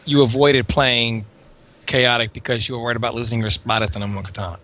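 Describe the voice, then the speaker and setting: Bright-voiced interviewing man. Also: medium pitch, steady tone, fast. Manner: prompting interviewer.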